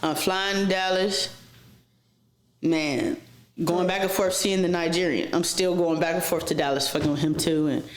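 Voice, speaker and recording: A woman with a lowish voice tells wild personal stories as a podcast guest, cursing freely and acting out what other people said. The talk is loose and animated, and an echoey room rings around her. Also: moderate pace. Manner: profane, animated, acts out quoted voices. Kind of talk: casual storytelling interview.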